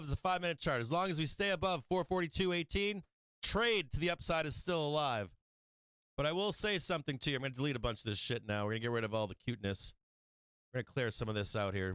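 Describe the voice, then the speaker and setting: A man hosting a live stock market stream, walking through charts in a brash, excitable way with casual swearing. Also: mid-range voice, clear, resonant tone, dry recording. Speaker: stock market show host.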